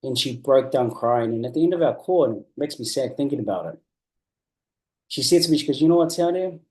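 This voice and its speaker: A man giving a motivational coaching talk, earnest and emphatic, repeating key phrases and slowing down to drive points home. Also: medium pitch, animated, a little mellow. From New Zealand. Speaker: business coach.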